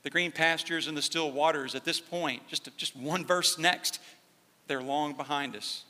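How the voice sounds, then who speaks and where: A male pastor preaches in a bright, forceful voice that sits a little high for a man. He drops to hushed, slow emphasis, then climbs to loud, fervent peaks. His words ring out with the long reverb of a church sanctuary. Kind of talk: sermon.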